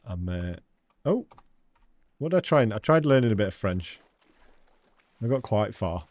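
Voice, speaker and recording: Chatty English male game streamer, low voice, dry close-mic home setup, lots of laughs. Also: expressive, moderate pace, darkish tone, dry recording. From England. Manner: chatty, laughs often, calls viewers mate. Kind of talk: casual live-stream chat. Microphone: studio dynamic microphone.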